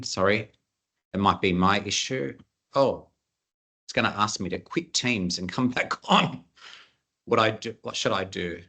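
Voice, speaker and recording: A man's voice: on the low side, bright, forceful tone. A man presenting at an online conference over a video call, earnest and chatty, with frequent fillers.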